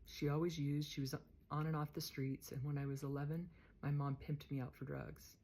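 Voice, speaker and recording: Calm forgiving woman inmate, told by a woman. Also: sits low, normal speed. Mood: somber.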